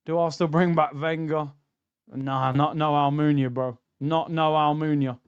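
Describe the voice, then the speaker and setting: A man's voice: a little high, steady tone, moderate pace, clean tone, no room sound, muffled recording. A young man, hosting a casual football watchalong stream, bantering and reading out chat messages.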